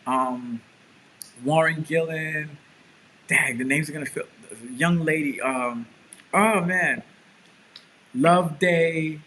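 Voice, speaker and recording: A man's voice: a little high, takes it slowly, pauses often, slight background noise, poor audio. A man, a pastor and show co-host, telling a story in casual chat and acting out the quotes. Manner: animated storyteller, acts out quotes.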